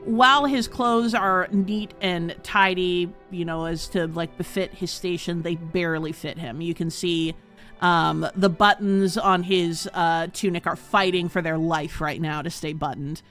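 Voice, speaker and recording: A woman's voice: lowish voice, steady tone, measured pace, a bit bright, faint music behind. A woman game master narrating a tabletop game in a chatty way, with lots of "um" and "uh". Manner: chatty, many "um"s and "uh"s.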